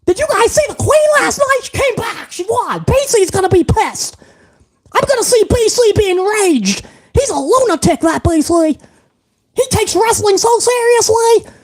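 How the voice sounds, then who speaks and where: A man mocking an overexcited wrestling fan in a shrill, squealing, high-pitched voice that keeps woo-ing. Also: sing-song, moderate pace. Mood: giddy mocking.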